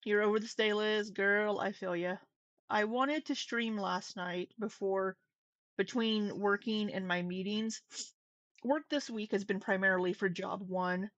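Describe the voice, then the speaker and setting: A woman's voice: medium pitch, steady tone, a little slow, a bit bright, dry recording. A woman with a runny nose chatting casually on a live stream at home, rambling, greeting viewers and laughing easily. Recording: slightly dull lo-fi stream audio.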